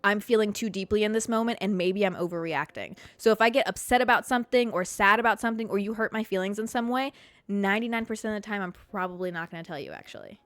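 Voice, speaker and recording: A young adult woman hosting a podcast alone, talking candidly about herself, swearing freely and laughing often, her voice jumping high when she reacts. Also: fast talker, no echo. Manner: animated, jumps to high pitch when reacting. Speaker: podcast host. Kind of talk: casual solo podcast chat.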